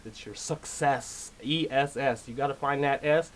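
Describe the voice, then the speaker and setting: A man's voice: mid-range voice, measured pace, a little hiss or hum, poor audio. Rambling, insistent man talking to camera. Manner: rambling, insistent, often says "you know"; clears throat and chuckles often. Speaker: video lecturer. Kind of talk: casual monologue.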